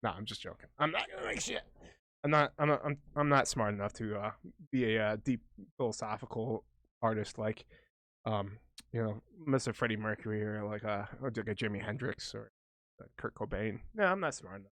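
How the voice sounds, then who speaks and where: A man co-hosting a podcast in casual chat, rambling and jokey with plenty of swearing, whose voice he calls high for a big guy. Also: fairly quick, a bit bright, no echo. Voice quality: high voice for a big man, says smoking affected it. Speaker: podcast co-host.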